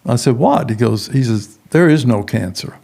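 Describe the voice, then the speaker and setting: A middle-aged man with a gravelly, fry-edged voice tells a personal story as a podcast guest. He talks in an animated way and acts out the doctors, nurses and others he quotes. His pitch sits in the middle for a man. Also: moderate pace. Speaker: guest, prison ministry founder.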